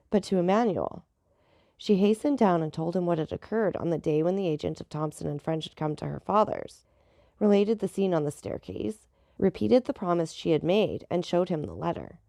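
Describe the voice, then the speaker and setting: A woman narrating a classic novel in a measured storybook reading, giving the dialogue light voices. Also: lowish voice, mellow, no echo, clean studio sound. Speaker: audiobook narrator.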